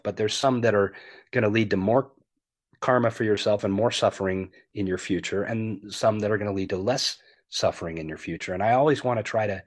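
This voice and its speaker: Lowish voiced guy in his 50s, earnest, kinda animated, says "you know" a ton. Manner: earnest and animated, frequent "you know" fillers, swears freely. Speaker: guest. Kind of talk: candid conversational interview.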